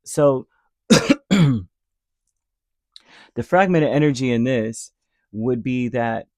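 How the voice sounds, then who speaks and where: A man's voice: medium pitch, lively intonation, drawn-out words, a little mellow, dry recording, studio quality. Chatty man giving a tarot reading. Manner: rambling, filler-heavy, acts out little imagined quotes. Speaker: tarot reader. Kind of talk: casual tarot reading monologue.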